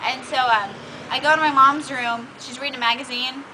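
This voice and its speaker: A woman's voice: high voice, steady tone, brisk, bright, forceful tone, slight background noise, rough recording. A young woman telling a casual story in a bossy, chatty way, full of "like", recorded outdoors. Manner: chatty, bossy toward friend, lots of "like". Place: outdoors by a trash can.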